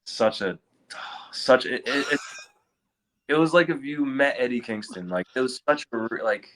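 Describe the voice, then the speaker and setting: A man from the Philadelphia area, a wrestler guest, talking haltingly with repeated words and fillers. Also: medium pitch, animated, fairly bright tone. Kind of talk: casual interview chat.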